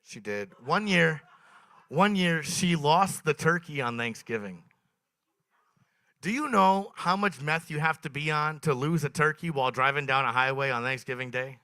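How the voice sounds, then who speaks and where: A young man performing a stand-up comedy set at a small open mic, telling dark stories in a deadpan, swearing way. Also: on the high side, normal speed, smooth, dry recording.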